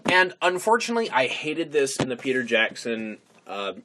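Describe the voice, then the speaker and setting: A man co-hosting a casual podcast, retelling scenes in an animated, emphatic way. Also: mid-range voice, normal speed, noisy background. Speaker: podcast co-host. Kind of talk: casual podcast chat about books and films.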